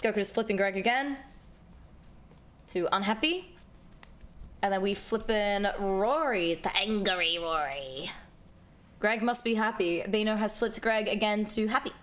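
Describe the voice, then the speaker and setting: A woman livestreaming a game, chatting casually with her viewers, excitable and swearing freely. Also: medium pitch, normal speed, pauses often. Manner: excitable, swears a lot, talks to chat. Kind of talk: casual gameplay livestream chat.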